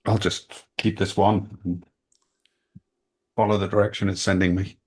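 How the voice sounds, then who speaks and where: A man's voice: deep voice, level tone, a little slow, breathy edge. A man playing his character at a tabletop game, asking short, curt questions. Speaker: player. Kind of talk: in-character tabletop role-play.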